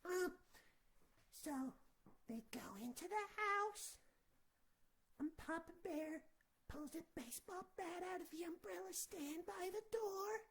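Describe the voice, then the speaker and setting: A woman's voice: extremely high pitch, takes it slowly, pauses often, a bit bright. A woman telling a children's story comically, rambling with sarcastic asides.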